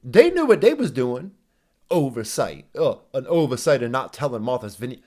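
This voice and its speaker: A man with a mid-range, darkish voice hosts a reaction video, speaking at a normal speed and sounding very animated. He rants heatedly and sarcastically, swearing constantly and tossing in mocking asides. He also mimics other people in exaggerated voices throughout this profane commentary.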